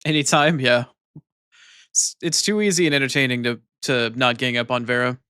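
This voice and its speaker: A man's voice: medium pitch, fairly even intonation, moderate pace, bright, forceful tone, smooth, dry recording, clean studio sound. A man streaming live, bantering with his chat casually, teasing and swearing freely.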